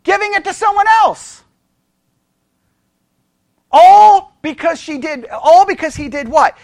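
Energetic Bible study teacher, dry sound. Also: extremely high pitch, slow, no echo. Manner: asks the listeners questions and checks in with "right?"; energetic, thinking aloud with restarts.

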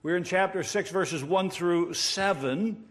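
A pastor preaching a sermon, explaining a passage earnestly with emphatic rises and wordplay. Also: male voice, high voice, unhurried, a bit bright. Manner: self-described wordsmith, plays with words.

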